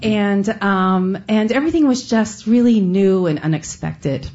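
A woman's voice: medium pitch, lively intonation, a little slow, darkish tone. Woman telling a personal story, slightly muffled. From Austin, Texas, USA. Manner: earnest, conversational, with bursts of laughter.

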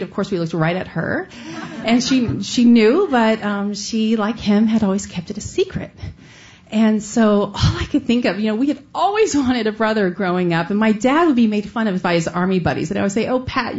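A woman's voice: medium pitch, a little mellow, muffled recording. A woman from Texas telling a true personal story in an earnest, conversational way, now and then breaking into a laugh. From Austin, Texas, USA.

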